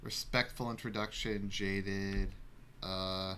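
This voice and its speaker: A man's voice: low voice, little pitch movement, slow, sharp tone, slight background noise. A man giving wry, hesitant game commentary while he plays. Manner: wry, hesitant asides with fillers. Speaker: gameplay streamer.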